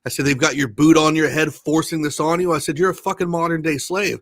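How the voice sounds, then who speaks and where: A man's voice: fairly high pitch, steady tone, quick pace, fairly bright tone. A man who is a podcast guest, ranting indignantly and with plenty of swearing in a casual group chat.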